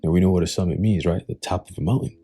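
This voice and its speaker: A man's voice: sits low, very fast, mellow, husky, faint music behind. A man giving scornful, preachy commentary on the news and reading scripture, swearing freely. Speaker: religious commentator.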